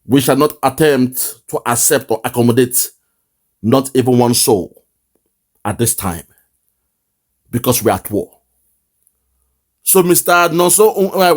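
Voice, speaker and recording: Fiery Nigerian man, lively pitch. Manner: fiery, mocking, bursts into laughter. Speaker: political commentary host. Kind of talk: impassioned online commentary.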